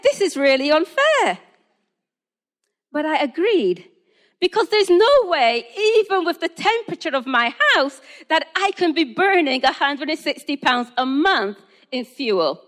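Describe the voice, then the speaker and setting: A high-voiced woman from England preaches with a lively, swooping delivery. She tells a personal story and acts out both sides of phone conversations.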